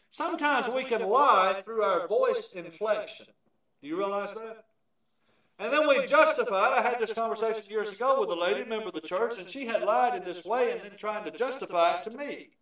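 A man preaching a sermon, emphatic and shifting from loud declarations to hushed asides. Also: sits high. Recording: echoey, from far off the mic.

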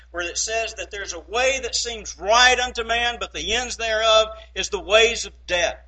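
A man preaching a sermon emphatically, swinging between loud and hushed and checking in with "okay?". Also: sits high, breathy edge, poor audio.

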